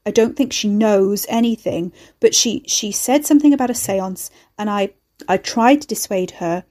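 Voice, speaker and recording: Flustered anxious middle-aged man, stammering, read by a woman narrator in a mellow tone. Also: medium pitch, normal speed, natural voice. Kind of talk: scripted narration.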